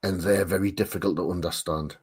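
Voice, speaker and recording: He talks briskly in a low, a little mellow voice with a breathy edge and fairly even intonation. This Northern English art stream co-host, with a Tyne and Wear accent, chats casually in a group livestream, repeating words as he hunts for them.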